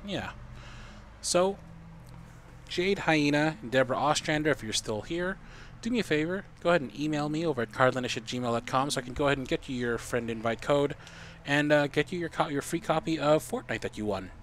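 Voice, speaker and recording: A man's voice: a little high, lively intonation, fairly quick, a bit bright, a little hiss or hum. A man streaming a video game live, walking viewers through the steps in a chatty, explaining way.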